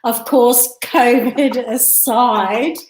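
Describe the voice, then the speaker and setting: A woman's voice: on the high side, fairly even intonation, drawn-out words, echoey room, background noise. A woman hosting a live psychic reading, chatty and giggly, calling viewers love and darling.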